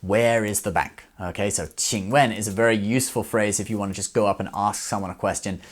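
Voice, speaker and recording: A man explaining phrases in a relaxed video lesson, often checking in with "okay?". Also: lowish voice, brisk. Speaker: Chinese language teacher.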